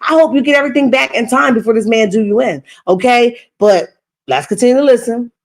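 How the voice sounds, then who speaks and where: A woman's voice: fairly high pitch, fairly quick. Emphatic woman streamer giving commentary. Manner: emphatic, tags lines with "okay?". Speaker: reaction stream host. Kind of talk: casual commentary. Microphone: streaming setup.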